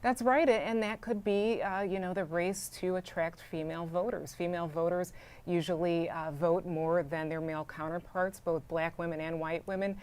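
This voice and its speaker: A woman political reporter walks through her analysis on a live news panel, often pausing on fillers. Her voice sits low for a woman. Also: steady tone, a little mellow, clean tone. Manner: explanatory, frequent fillers.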